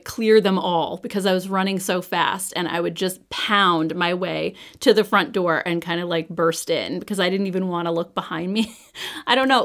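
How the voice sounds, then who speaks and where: A woman in her twenties or thirties, telling a true ghost story in a chatty, animated way with lots of filler words. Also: medium pitch. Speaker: storyteller host. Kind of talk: get-ready-with-me story chat.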